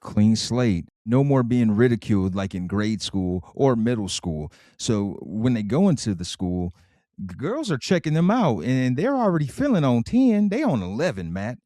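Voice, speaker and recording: A man's voice: medium pitch, big pitch swings, normal speed, dark tone, dry recording, clean studio sound. A man co-hosting a podcast, recapping episodes in a matter-of-fact way in casual chat. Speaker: podcast co-host. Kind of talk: casual chat, reading show notes.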